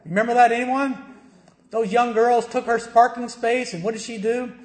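A man's voice: very high-pitched, fairly even intonation, moderate pace. A middle-aged male pastor preaching a sermon, emphatic, firing rhetorical questions and answering them himself. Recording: echoey church room.

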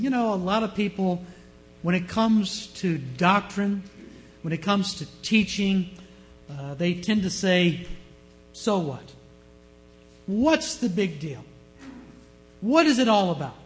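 A male pastor preaching a sermon in an emphatic, storytelling manner. His voice sits high for a man. Soft music plays faintly behind him. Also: poor audio.

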